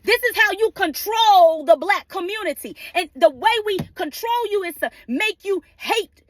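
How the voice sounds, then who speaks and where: A woman's voice: extremely high pitch, lively intonation, moderate pace, dry recording. A woman ranting passionately in her car, swearing freely and firing off rhetorical questions. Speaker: vlogger ranting on legal news. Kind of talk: impassioned rant.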